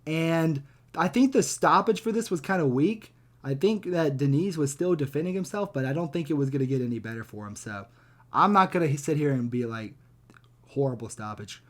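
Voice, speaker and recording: A young man riffing through a casual reaction commentary, blunt and loose with plenty of swearing. His voice sits a bit higher than most men's, and he rambles and chuckles between points. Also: animated, a little fast. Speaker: reaction video host.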